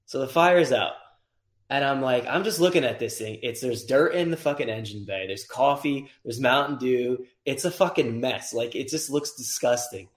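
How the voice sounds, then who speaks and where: Animated man telling a shop story. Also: mid-range voice, moderate pace. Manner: animated, swears freely, acts out voices in stories. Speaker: guest, car tuner. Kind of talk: casual storytelling. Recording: roomy echo.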